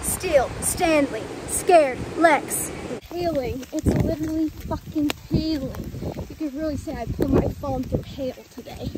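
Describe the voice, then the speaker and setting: A woman's voice: sits high, a little slow, very noisy. A woman vlogging to her phone in casual chat, rambling and jokey, laughing often and swearing. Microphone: phone camera.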